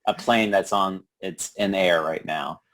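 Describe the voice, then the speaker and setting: Low-voiced easygoing podcast co-host man. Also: a little slow, fairly bright tone, slight background noise. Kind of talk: casual chat.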